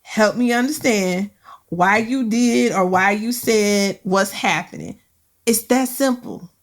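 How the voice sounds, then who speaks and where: A woman hosting a casual career podcast, speaking at a middle pitch. She talks emphatically and colloquially, repeating key phrases to drive her point home. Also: slow pace. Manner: emphatic, colloquial, preacher-like repetition. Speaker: podcast host.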